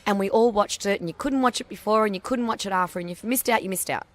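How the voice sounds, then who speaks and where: A woman co-hosting a radio tech show, teasing her co-host and cutting in during casual banter. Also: mid-range voice. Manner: teasing, quick to interrupt. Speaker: radio station owner and guest co-host.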